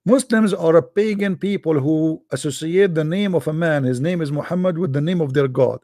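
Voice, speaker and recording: A man talks straight into the mic as a call-in host, his voice dark and gravelly. He mocks and teases in a sing-song way, repeating himself, and often clears his throat. The sound is close and dry, with no room around it. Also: a little high, brisk, dry recording. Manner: mocking, repetitive taunting, sing-song teasing; broken English grammar, frequent throat clearing. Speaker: host of a call-in religious debate show. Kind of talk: live call-in show monologue.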